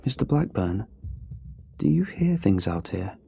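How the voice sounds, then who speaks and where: A man voicing a dazed, seasick young man who speaks softly and hesitantly in a spoken story. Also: lowish voice, very animated, unhurried, creaky, a little hiss or hum, exaggerated voice. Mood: weary. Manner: soft, hesitant, half-whispered.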